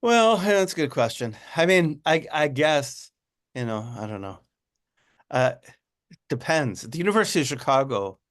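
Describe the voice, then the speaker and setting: A man giving an informal, animated class talk on a religious text, repeating words and often asking "right?". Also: medium pitch.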